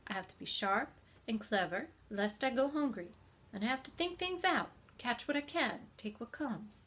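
Charlotte, a woman reading as a calm clever spider. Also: fairly high pitch, normal speed. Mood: firm. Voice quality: thin pleasant voice. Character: female spider, calm, clever, matter-of-fact.

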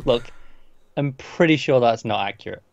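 A man's voice: medium pitch, normal speed, vocal fry, muffled recording. A man co-hosting a podcast, casually chatting and chiming in with short, wry remarks. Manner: short wry interjections, agreeing. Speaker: podcast co-host. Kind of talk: casual review chat.

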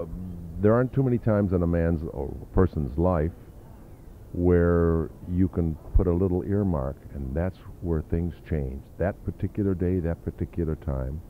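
A man's voice: low-pitched, phone-quality sound, slight background noise. An older man reminiscing in an interview, telling rambling anecdotes full of fillers and asides. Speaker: interview guest, drummer.

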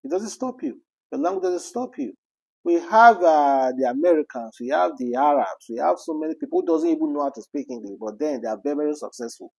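A man's voice: on the high side, animated, brisk, creaky, darkish tone, breathy edge. A man with a Nigerian accent giving casual commentary on celebrity news. He speaks with passion, repeats rhetorical questions and slips into Pidgin.

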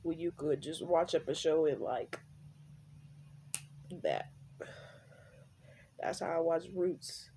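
A woman's voice: low voice, slow pace, long pauses, slight background noise. Rambling young woman vlogger. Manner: rambling, lots of fillers, relaxed slang. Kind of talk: casual rambling chat.

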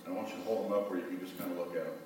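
A man's voice: deep voice, fairly even intonation, very fast, a little mellow, slight background noise. A middle-aged male pastor giving a sermon, telling a folksy story and leading call-and-response prayer. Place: church sanctuary. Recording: echoey hall, voice from far off.

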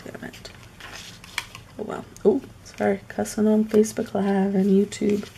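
A woman's voice: medium pitch, steady tone, a little slow, vocal fry, pauses often, darkish tone, a little hiss or hum. A woman chatting casually on a live stream while decorating a planner at home, muttering asides to herself as she works.

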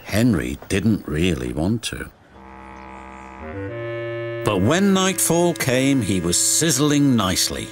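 Male storyteller, unhurried and expressive, over a music bed. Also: lowish voice. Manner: slow, expressive. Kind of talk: reading a children's story aloud.

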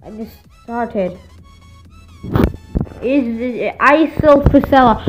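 A woman's voice: high-pitched, expressive, unhurried, pauses often, highs cut off, faint music behind. A young woman with a put-on accent commenting on gameplay, stammering and exclaiming as she reacts. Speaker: gaming video host.

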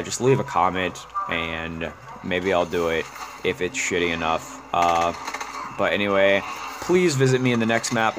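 A man giving a profane, exasperated rant while commenting on gameplay. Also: background noise. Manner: exasperated, profane ranting, swinging pitch up and down. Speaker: gaming YouTuber.

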